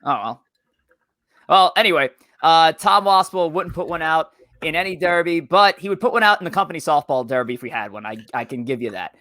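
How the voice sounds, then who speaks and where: Bright-voiced chatty male sports podcast host. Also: a little high, lively intonation, a little fast, no room sound, studio quality. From New York area. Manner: chatty, self-deprecating, loose filler-heavy delivery. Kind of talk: casual sports podcast chat.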